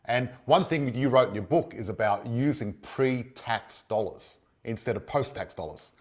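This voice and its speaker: A man's voice: medium pitch, expressive, normal speed. Male host, eager and complimentary, mid-range voice. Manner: enthusiastic, full of praise. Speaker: interview host. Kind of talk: casual interview.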